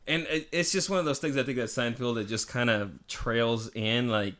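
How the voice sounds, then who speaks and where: A man's voice: mid-range voice, fairly even intonation, moderate pace, fairly bright tone. A man co-hosting a casual podcast chat, rambling with many fillers and acting out sitcom lines. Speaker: podcast co-host.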